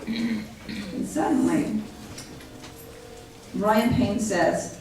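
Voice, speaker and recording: A woman speaks to a live audience, telling her own story with earnest energy and slipping into the voices of the people she quotes. Her voice sits a touch high. She is picked up from a distance in a large, echoing hall with a faint hiss underneath. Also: slow, pauses often. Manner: earnest, animated storytelling that acts out others' words. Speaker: speaker at a public gathering. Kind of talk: personal account told to a live audience.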